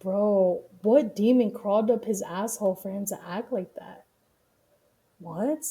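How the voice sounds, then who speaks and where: A woman streaming live and reacting to news clips in a loose, casual way. She talks bluntly and swears freely, laughing easily between remarks. Her voice sits at an ordinary middle pitch. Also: dark tone. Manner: profane, blunt, quick to laugh.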